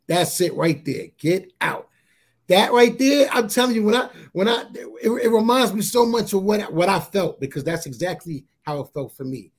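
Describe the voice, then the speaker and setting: A man sharing a personal testimony in a casual interview, halting and repeating his words as he tells it. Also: gravelly, slightly rough. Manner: halting, repeats words, often says "you know what I'm saying"; grows animated at high points.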